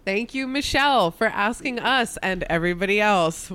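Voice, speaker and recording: A woman's voice: mid-range voice, animated, moderate pace, fairly bright tone, clear, resonant tone. A woman hosting a casual podcast, talking over a remote call and laughing often. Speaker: podcast host. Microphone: remote call mic.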